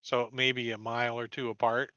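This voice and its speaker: A man's voice: medium pitch, little pitch movement, normal speed, bright, forceful tone, clean tone, no room sound, muffled recording. A man narrating a tabletop game as game master, explaining patiently and restarting his sentences.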